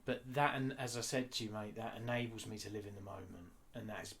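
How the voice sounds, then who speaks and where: A man talking candidly in an interview, blunt and animated, swearing freely. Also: on the low side, fast, slight background noise. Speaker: guest artist.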